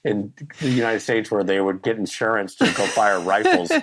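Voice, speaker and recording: A man in his fifties with a Southern US accent, chatting as a podcast guest and telling animated stories with quick laughs and restarts. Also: on the low side. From Nashville, Tennessee. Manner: animated storyteller, laughs often, frequent restarts. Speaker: guest, actor. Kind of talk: casual podcast chat.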